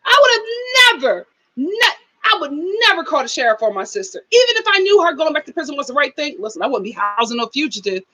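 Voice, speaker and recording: Woman host of a live review stream, sassy and scolding, high voice that swings widely. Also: very animated, fast, hardly any pauses, a bit bright, low-quality recording. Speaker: show host. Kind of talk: live reality-TV review, casual chat.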